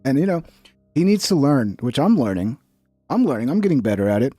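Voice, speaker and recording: A man's voice: mid-range voice, sing-song, fairly quick, mellow, no room sound, studio quality, faint music behind. A man hosting a live reaction stream, commentating on clips with crude, mocking banter. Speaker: livestream host reacting to clips.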